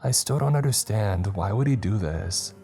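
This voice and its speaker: A man's voice: lowish voice, animated, normal speed, vocal fry, mellow, faint music behind, voice pushed up. A man voicing a meek, prim young woman patient who speaks formally and whimpers. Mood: distraught.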